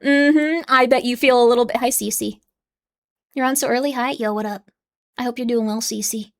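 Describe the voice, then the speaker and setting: A woman's voice: on the high side, steady tone, moderate pace. A young adult woman streaming live, chatting casually and bubbly, playfully scolding and dropping into whispers.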